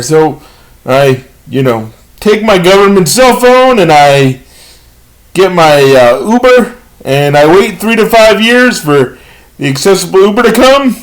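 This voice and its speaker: Halting, higher-voiced man telling jokes. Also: low-quality recording. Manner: halting, with many pauses and fillers; self-deprecating storytelling. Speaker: amateur comedian. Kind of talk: self-recorded stand-up comedy monologue.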